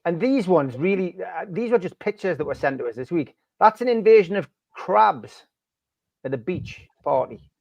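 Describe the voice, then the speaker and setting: A man's voice: high voice, lively intonation, moderate pace, gravelly, darkish tone, no echo, lo-fi sound. A man hosting a fan podcast, chatty and cheeky as he reads out jokes. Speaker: podcast host. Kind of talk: casual chat reading out jokes.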